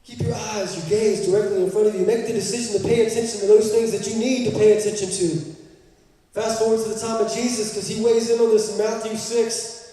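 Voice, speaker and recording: A man's voice: high voice, little pitch movement, fairly quick, dark tone. A man preaching a sermon as pastor, conversational and emphatic, with joking asides and repeated key phrases. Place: large church hall. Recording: echoey church hall, mic far off.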